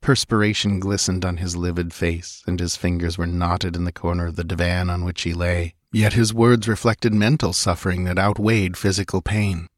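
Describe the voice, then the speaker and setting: A man narrating a fantasy audiobook in an expressive, measured storytelling manner. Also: sits low, dry recording, studio quality.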